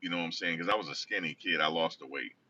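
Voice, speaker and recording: A man's voice: low voice, quick pace, sharp tone. A man casually telling a rambling personal story, often correcting himself. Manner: rambling, self-correcting, conversational. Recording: distant dull lo-fi recording.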